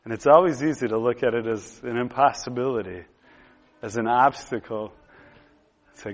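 A man in his thirties preaching, telling a personal story in a relaxed conversational way with lots of pauses and fillers. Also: medium pitch. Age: 30s. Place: room with a gathered audience.

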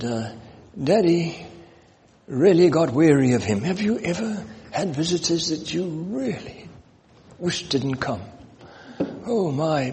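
A man in his seventies preaching a storytelling sermon, reading scripture slowly and with emphasis. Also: a little high, a little mellow. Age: 70s. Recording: long reverb, faint noise.

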